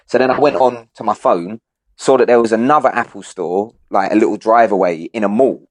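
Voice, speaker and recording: A man's voice: mid-range voice, normal speed, no echo. A young man from England, co-hosting a podcast, telling stories with lots of slang and swearing. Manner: animated storyteller, heavy slang and swearing. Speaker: podcast co-host. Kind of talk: casual chat.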